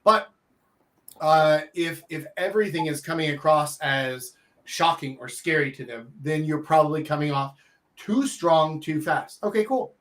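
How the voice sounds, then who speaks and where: A man's voice: a little high, measured pace, fairly bright tone. A man hosting a casual talk show, giving dating advice and acting out quoted reactions with emphasis. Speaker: podcast host and dating coach.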